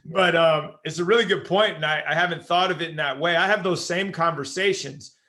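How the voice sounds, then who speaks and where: A man's voice: fairly high pitch, brisk, sharp tone. A middle-aged man, himself a coach, hosting an interview podcast and asking thoughtful, reflective questions.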